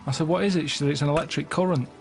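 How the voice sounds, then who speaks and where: A man co-hosting a comedy radio show, telling rambling stories in a deadpan way. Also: fairly high pitch, racing, creaky, loud music behind the voice. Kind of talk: casual comedic radio chat. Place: radio studio.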